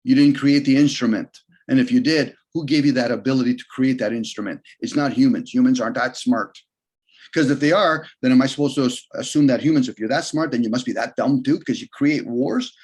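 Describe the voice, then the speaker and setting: A man talking on a video call in a casual, rambling way, arguing his points and often jumping in pitch for emphasis. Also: brisk, darkish tone. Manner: rambling, argumentative, shifts pitch often for emphasis and quoted voices.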